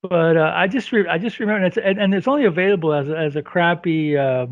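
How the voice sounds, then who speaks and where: Rambling jokey man, higher voice. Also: quick pace, no echo, lo-fi sound. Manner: rambling and jokey, chuckling often. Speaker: podcast co-host. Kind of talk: casual movie review chat.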